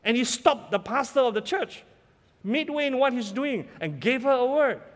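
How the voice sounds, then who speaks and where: Male pastor, Malaysian English accent, high voice, emphatic, asks questions, reverberant hall. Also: lively intonation, normal speed. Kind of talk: sermon.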